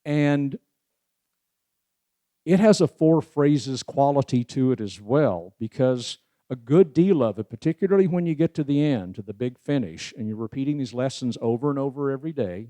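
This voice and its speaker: A man's voice: medium pitch, normal speed, mellow, no echo. A man giving a casual spiritual presentation, talking in a folksy way with wry asides and many "you know"s. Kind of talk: casual spoken lecture.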